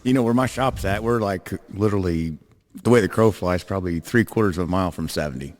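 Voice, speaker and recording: Fast-talking cussing shop owner man. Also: low voice. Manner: profane, laughing storyteller. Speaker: truck repair shop owner. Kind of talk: casual chat. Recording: long hall reverb.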